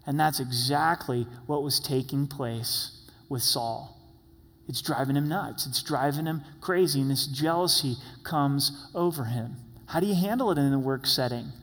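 A man preaching a sermon as pastor, animated, acting out the voices of the people he describes. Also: mid-range voice, unhurried. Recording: long hall reverb.

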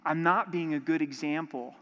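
A man's voice: on the high side, moderate pace. Impassioned male pastor in a reverberant hall. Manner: impassioned, rising to forceful emphasis. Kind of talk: sermon.

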